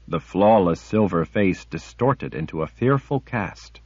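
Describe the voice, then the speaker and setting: A man narrating a fantasy audiobook with measured, dramatic storytelling. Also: deep voice, animated, darkish tone, husky, no echo. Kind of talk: scripted narration. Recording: dull lo-fi audiobook recording.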